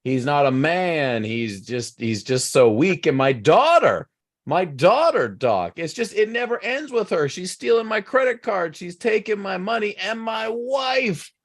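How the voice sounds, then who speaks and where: A man's voice: high-pitched, very animated, measured pace, pitched above the performer's own voice, full character voice. A man voicing a depressed father moth, complaining and pleading while telling a joke. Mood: pleading, despairing.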